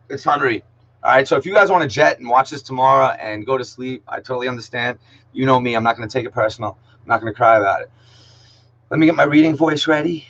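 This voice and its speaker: A man teaching middle school English online speaks in a mid-range, fairly bright, slightly rough voice over lo-fi audio. His style is casual and joking, heavy on slang and "yo," and he singles out students by name.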